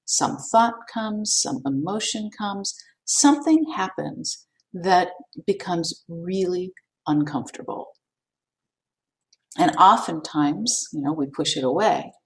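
A woman meditation teacher giving a gentle, unhurried talk to an online class, with frequent fillers and repeats. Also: fairly low pitch. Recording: voice distant from the mic.

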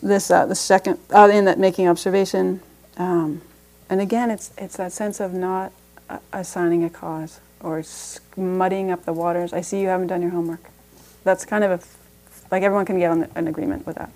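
A woman's voice: lowish voice, fairly even intonation, brisk, darkish tone. A woman leads a meditation-based parenting class in a loose, conversational way. She often restarts her sentences and slips in light laughs as she explains. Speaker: meditation teacher.

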